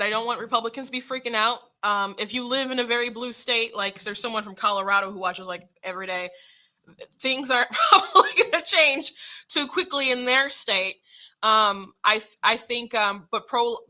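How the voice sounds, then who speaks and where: A young woman hosting casual political commentary, talking frankly with quick restarts and short laughs. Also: medium pitch, pushed and bright.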